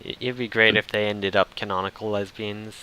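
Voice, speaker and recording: A man hosting a podcast in casual chat, animated and swearing when frustrated. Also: on the low side, fairly quick, smooth, dry recording, poor audio. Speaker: podcast host.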